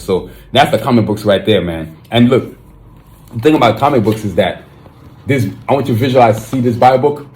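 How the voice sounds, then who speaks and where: A young man hosting his own podcast, talking casually and excitedly, with slang and frequent restarts. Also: lowish voice. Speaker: podcast host. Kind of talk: casual solo podcast monologue.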